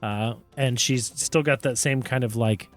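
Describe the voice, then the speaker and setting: A man narrating a tabletop game as game master, relaxed with many fillers. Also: medium pitch, unhurried, faint music behind. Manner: relaxed, lots of fillers and self-corrections.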